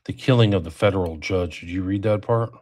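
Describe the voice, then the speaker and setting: A man with a lower-pitched voice co-hosts a casual talk over a remote call mic. He asks questions and steers the conversation forward. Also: brisk, a little mellow. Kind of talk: casual conspiracy discussion.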